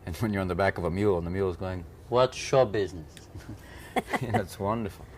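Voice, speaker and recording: Deep-voiced american guy in his 30s rambling through an interview, bits of comic voices, faint hiss behind. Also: fast talker. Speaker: interviewed actor. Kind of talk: playful press junket interview.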